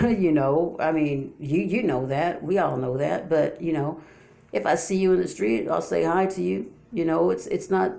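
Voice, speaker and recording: A woman's voice: low-pitched, creaky, dark tone. Woman YouTuber, unscripted and repetitive, stammers through rhetorical questions to her viewers. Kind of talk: casual unscripted monologue.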